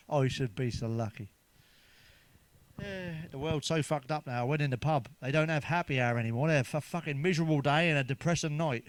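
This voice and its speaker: A man's voice: on the high side, brisk. A middle-aged man telling crude stand-up jokes, swearing often and laughing at his own punchlines. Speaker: stand-up comedian. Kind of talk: stand-up jokes told to camera.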